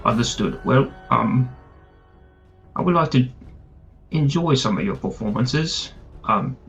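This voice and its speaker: A man's voice: medium pitch, animated, takes it slowly, vocal fry, a bit bright, exaggerated voice. A man voicing a polite, curious male dragonborn traveler who speaks hesitantly, in a lo-fi recording with faint music.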